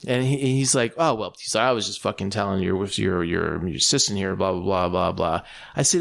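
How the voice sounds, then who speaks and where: A man's voice: on the low side, brisk, creaky, a bit bright. A man co-hosting a comedy podcast, telling a long story full of swearing and laughing often. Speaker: podcast co-host. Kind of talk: casual comedic podcast chat.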